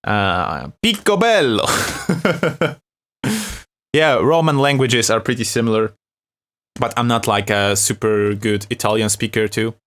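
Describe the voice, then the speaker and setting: A man's voice: fairly low pitch, normal speed, fairly bright tone. Chatty Polish man streaming live. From Poland. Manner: chatty, laughs often, reads chat aloud. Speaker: beat-making livestream host. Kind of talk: casual live-stream chat.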